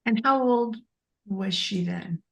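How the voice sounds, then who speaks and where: Female host, gravelly and bright voice, reflective questions. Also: mid-range voice, takes it slowly. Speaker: interviewer, therapist host. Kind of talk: conversational interview.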